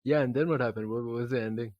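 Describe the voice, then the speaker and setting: Brief: young male co-host, relaxed and giggly, mid pitch, dry close sound. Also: rapid-fire, dry recording, highs cut off. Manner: easygoing, laughs a lot, short replies. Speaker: podcast co-host. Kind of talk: casual chat.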